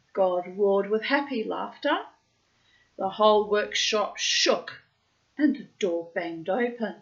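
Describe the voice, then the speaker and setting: A woman slowly reading a storybook aloud, with dramatic pacing and playful asides. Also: medium pitch, dull audio. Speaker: storybook reader. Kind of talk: storybook narration.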